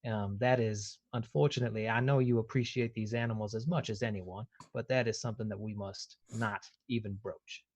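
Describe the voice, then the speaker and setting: A man playing his character in a tabletop game, speaking in a flowery, flattering, formal way with hesitations. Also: fairly low pitch, fairly quick, few pauses, no echo. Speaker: player. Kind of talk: in-character role-play.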